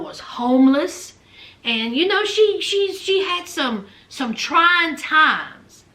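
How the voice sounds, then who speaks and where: Woman vlogger, high bright voice, unhurried chatty recap in an echoey room, calls folks honey. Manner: animated, says honey and child, acts out quotes. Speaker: commentary vlogger recapping a reality show.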